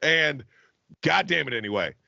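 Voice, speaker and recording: Male podcast co-host, lively swooping delivery, bright edge, dry and slightly dull close-mic sound, profane rambling storyteller. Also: a little high, moderate pace, gravelly, dry recording. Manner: profane, rambling storyteller with animated quoted voices. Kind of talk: casual comedy podcast chat. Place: Jacksonville, Florida.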